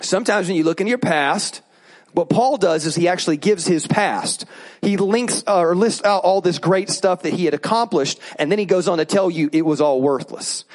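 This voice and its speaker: A male pastor giving a sermon in an animated, joking way, prompting the congregation to repeat words back. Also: high-pitched, normal speed.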